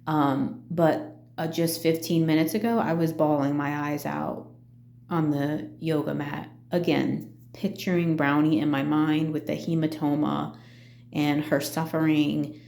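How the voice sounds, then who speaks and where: Middle-aged woman vlogger, hesitant and full of fillers; warm dark tone, roomy recording. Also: deep voice, little pitch movement, gravelly. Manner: halting, full of fillers and restarts. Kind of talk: casual personal vlog.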